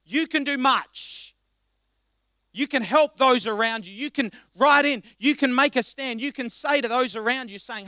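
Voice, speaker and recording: A male pastor preaching a passionate sermon, swinging between quiet reflection and loud exhortation. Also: very high voice, measured pace, no echo, studio quality. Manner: impassioned, rising to loud exhortation.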